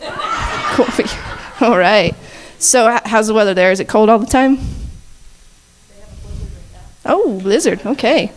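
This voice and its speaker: A woman's voice: mid-range voice, measured pace, pauses often. A woman hosting a chapel-service panel, asking playful, teasing questions on a handheld mic and laughing often. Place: campus chapel gathering. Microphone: handheld mic shared with guests.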